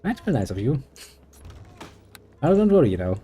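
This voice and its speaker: A man's voice: medium pitch, big pitch swings, normal speed, dark tone, slightly rough. A man with a German accent giving casual, sarcastic gameplay commentary as a streamer, rambling and swearing freely. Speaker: gaming streamer.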